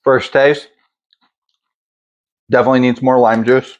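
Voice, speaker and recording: A man's voice: mid-range voice, steady tone, a little slow. A man hosting a casual home cooking video, chatting in a laid-back, self-deprecating way while he makes salsa. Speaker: cooking channel host.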